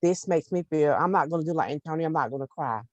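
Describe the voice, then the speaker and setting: A woman on a group video call, speaking in a heartfelt, halting way as she holds back tears and asks a question. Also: sits low, animated, a little mellow, no room sound. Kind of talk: emotional testimony and question.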